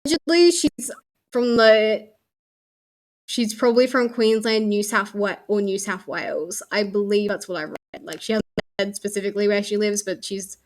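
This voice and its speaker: A young Australian woman streamer chats casually while unboxing souvenirs, her voice mid-range and her pace moderate. She swears offhandedly and lets sentences trail off.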